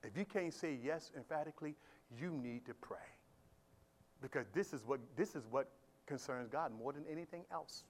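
Male pastor, sermon delivery, high-ish voice, shifts from hushed to shouting, questions the congregation. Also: normal speed, slight background noise. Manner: swings from quiet talk to loud shouted emphasis. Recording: live church sermon audio.

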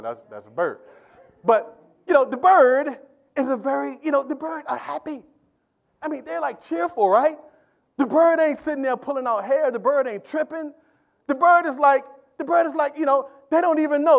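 A man preaching a sermon in a church. He talks plainly, repeats himself, and swings between loud calls to the congregation and quiet asides. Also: very high-pitched, a little fast. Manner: call-and-response preaching, loud and quiet by turns; colloquial, repeats words. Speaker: pastor.

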